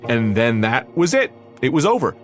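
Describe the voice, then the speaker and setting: A man's voice: mid-range voice, very animated, normal speed, music in the background. A young man from New Jersey telling a candid personal story, rambling with fillers and acting out what people said. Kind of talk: personal story told to a podcast.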